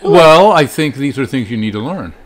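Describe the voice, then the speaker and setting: A man's voice: medium pitch, expressive. Dry, teasing man reading out trivia. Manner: dry and teasing, reads out names quickly. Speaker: co-host reading viewer comments and trivia. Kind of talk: casual live-show banter.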